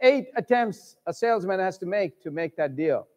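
A preacher delivers his sermon in a high, ringing voice, shouting at his strongest points and sweeping his pitch up and down. His voice rolls around a hall with a long, trailing reverb. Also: lively intonation, moderate pace, highs cut off. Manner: shouts and swings his pitch widely for emphasis.

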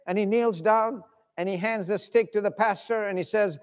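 A man preaching a sermon, telling stories with lively voices for the people in them. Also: high-pitched, normal speed, creaky. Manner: animated, acts out voices in stories. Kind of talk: sermon storytelling. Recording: long reverb of a large hall.

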